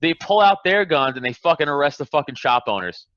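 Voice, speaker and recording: A man's voice: fairly high pitch, animated, fairly quick, a bit bright, dry recording, muffled recording. A man hosting a casual podcast chat, ranting in a heated, profane, emphatic way. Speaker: podcast host.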